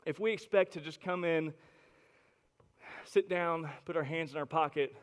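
A young adult man preaching a sermon to a congregation, emphatic, often repeating words as he builds from quiet, intimate stretches to loud, forceful ones. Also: a little high, steady tone, normal speed. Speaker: pastor.

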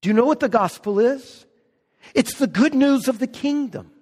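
A man preaching a sermon as pastor, stressing key words slowly and with emphasis. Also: extremely high pitch, a little mellow, long reverb tail.

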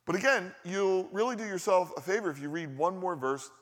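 A man's voice: high voice, animated, a little fast, a bit bright, long reverb tail. A male pastor preaching a sermon in a conversational style, asking his listeners rhetorical questions.

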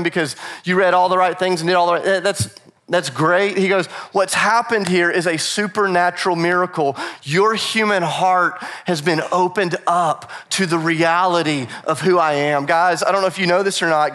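Guy preaching a sermon, higher voice, lively, acts out scripture lines like casual chat. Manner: repeats phrases for emphasis. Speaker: pastor.

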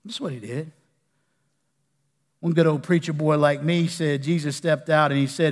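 Folksy preacher, high voice, long reverb. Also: male voice, steady tone, moderate pace. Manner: folksy, swings from hushed to loud bursts. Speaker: pastor. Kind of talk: sermon. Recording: echoey hall with long reverb.

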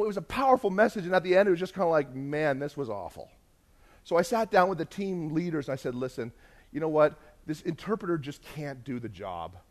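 A man preaching a sermon, telling a lively mission-trip story and acting out the other people's voices. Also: on the high side. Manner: animated, acts out quoted voices, laughs while telling.

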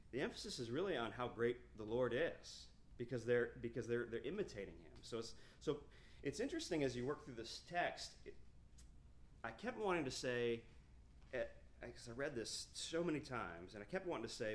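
This pastor, a man in his thirties, preaches verse by verse, stressing the scripture he reads and talking it through with frequent restarts. He has a mid-range, very animated voice at a moderate pace, and there's slight background noise.

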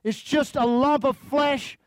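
Fervent high-voiced male preacher. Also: steady tone, slow, dry recording. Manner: fervent, calls out to the congregation; reads scripture aloud. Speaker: pastor. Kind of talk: sermon.

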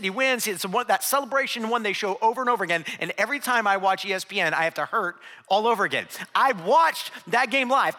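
A middle-aged man preaching a sermon, telling humorous stories and tossing asides to the congregation. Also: high voice. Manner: humorous, animated storytelling with crowd asides. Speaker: pastor. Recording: long reverb of a large hall.

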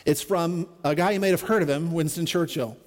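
A man's voice: a little high, a little fast, long reverb tail. A middle-aged man preaching a sermon as a pastor, in an earnest, conversational way with repeated refrains.

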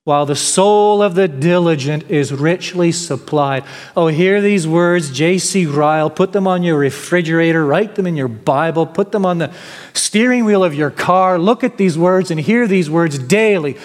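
A man's voice: fairly high pitch, normal speed. A man preaching a sermon with emphatic, declaiming delivery, now and then mimicking whiny complainers. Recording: long hall reverb.

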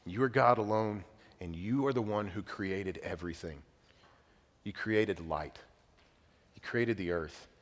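A young male pastor delivers a sermon in a fairly low voice that echoes through a hall with long reverb. He tells stories in a relaxed, chatty, animated way, growing louder when excited before suddenly dropping into a quiet, solemn emphasis.

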